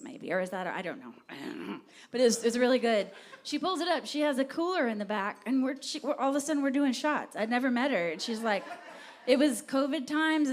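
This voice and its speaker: A singer-songwriter from Texas, her voice a little high, chats with a live audience at a music venue between songs, rambling and poking fun at herself as she tells a story. There's a little hiss or hum in the audio.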